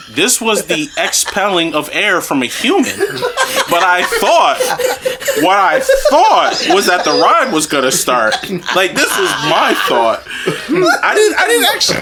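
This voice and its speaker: A man co-hosting a podcast, telling a story in a casual, comedic way, laughing through it and swearing freely. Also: high-pitched. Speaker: podcast co-host.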